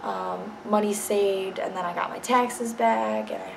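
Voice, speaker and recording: A woman's voice: medium pitch, fairly even intonation, unhurried, creaky, noisy background. Blunt, candid young woman vlogger. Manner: blunt, candid, swears freely. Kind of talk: casual storytime vlog.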